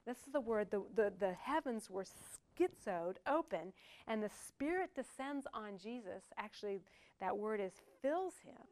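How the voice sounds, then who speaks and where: A woman's voice: mid-range voice, lively intonation, unhurried, a little mellow. Older woman preacher, conversational sermon with humorous asides. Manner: conversational, joking asides to the congregation.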